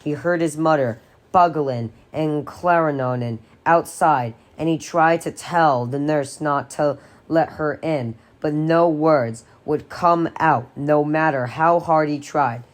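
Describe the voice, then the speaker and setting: A woman reading a horror novel aloud in a steady, expressive storytelling voice. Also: deep voice, takes it slowly. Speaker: audiobook reader.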